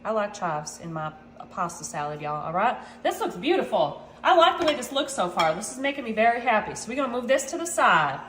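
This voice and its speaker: A woman's voice: mid-range voice, big pitch swings, a little fast, hardly any pauses, fairly bright tone, a little hiss or hum. A woman hosting a casual cooking demonstration in her home kitchen, chatting to viewers and calling them y'all as she goes. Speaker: cooking channel host. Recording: echoey kitchen with clattering dishes.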